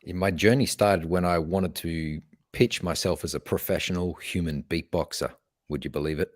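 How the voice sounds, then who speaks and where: A man guesting on a podcast, talking about his path as a speaker in an earnest, measured way. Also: low voice, steady tone, no echo, clean studio sound. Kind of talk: conversational interview.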